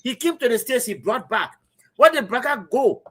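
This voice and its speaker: A man's voice: very high voice, animated, moderate pace, a bit bright. A man with a Liberian English accent giving impassioned political commentary on a streamed talk show, emphatic and repetitive. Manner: emphatic, repetitive, addresses co-host as brother. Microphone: streaming setup.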